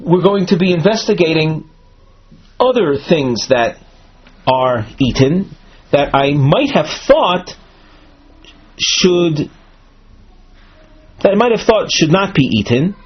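A man giving a measured, explanatory Talmud lesson, walking through a marked text with frequent fillers and restarts. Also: fairly high pitch, expressive, husky. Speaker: Talmud teacher. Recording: dull lo-fi recording.

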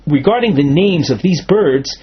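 Husky-voiced man teaching Talmud. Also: a little high, expressive, moderate pace. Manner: methodical, explains terms step by step with some restarts. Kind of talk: Talmud study lecture. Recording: dull lo-fi recording.

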